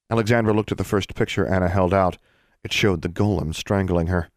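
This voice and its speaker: Deep-voiced man narrating a story. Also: dry recording, clean studio sound. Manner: steady, measured reading. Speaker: audiobook narrator. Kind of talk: scripted narration.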